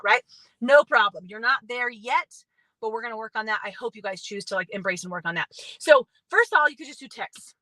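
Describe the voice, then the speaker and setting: Upbeat chatty woman with a bright high voice. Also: expressive, fairly quick, no echo, low-quality recording. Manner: chatty, upbeat, lots of "right?" and "you guys". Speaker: motivational speaker. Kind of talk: casual motivational talk to viewers.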